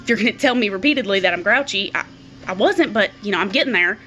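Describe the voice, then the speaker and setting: A woman's voice: medium pitch, expressive, fast talker, sharp tone. A middle-aged woman speaking candidly to camera in a personal vlog, often repeating words as she thinks aloud. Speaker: vlogger.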